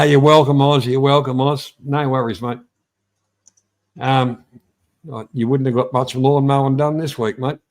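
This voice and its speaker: Blunt, rambling Australian man hosting a livestream. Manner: rambling and blunt, greets viewers by name with lively swings in pitch. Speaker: livestream host. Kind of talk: casual live-stream chat.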